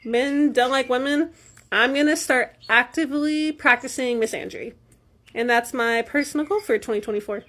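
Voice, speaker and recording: A woman's voice: high voice, normal speed, fairly bright tone. A woman delivering a sarcastic, scheming selfie video rant.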